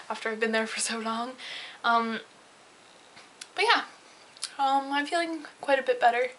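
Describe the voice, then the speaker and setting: A woman's voice: a little high, fairly bright tone, slight background noise, low-quality recording. A young woman talking in a casual confessional vlog, rambling and heated, with lots of fillers and swearing. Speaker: vlogger.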